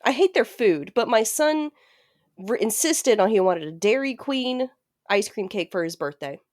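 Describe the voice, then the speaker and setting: A woman's voice: a little high, animated, normal speed, a little mellow, no room sound, clean studio sound. A woman in her thirties, a podcast co-host telling a story in casual chat, laughing often and swearing freely. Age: 30s.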